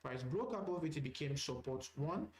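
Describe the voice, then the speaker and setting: A man's voice: a little high, expressive, moderate pace, reverberant, poor audio. A man teaching a live trading session, talking through charts casually and often repeating phrases with "all right" fillers. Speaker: trading instructor.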